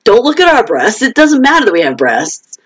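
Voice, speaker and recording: A woman from the United States hosts a casual live stream, reading out viewer comments and answering them by name. Her pitch swings widely as she talks. She restarts her sentences often, laughs in short bursts, and jumps into high, raised voices when she quotes other people. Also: huge pitch swings, moderate pace, fairly bright tone, slightly rough, rough recording. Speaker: author hosting a live chat.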